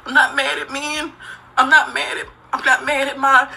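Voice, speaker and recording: A woman's voice: sits high, steady tone, moderate pace, creaky, pushed and bright, slight background noise, poor audio. A woman and single mother speaking in a confessional social media video, candid and profane, talking straight to her viewers. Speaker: single mother, former dancer.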